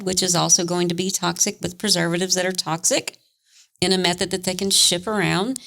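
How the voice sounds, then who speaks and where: A woman with a gravelly, low-set voice co-hosts a casual podcast discussion. She speaks passionately and leans hard on her key points. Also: a bit bright. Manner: passionate, reflective, emphatic. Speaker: podcast co-host. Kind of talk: casual conversation.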